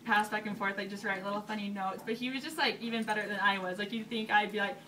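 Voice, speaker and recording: A young woman telling a story casually to an audience, bubbly and animated, laughing often. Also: mid-range voice, fast talker, recorded from a distance, a little hiss or hum. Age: young adult. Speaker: newly engaged college student.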